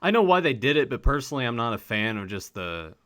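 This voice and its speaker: A man with a slight Southern US accent, co-hosting a podcast in casual, animated chat. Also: mid-range voice, fast, dry recording, studio quality. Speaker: podcast co-host.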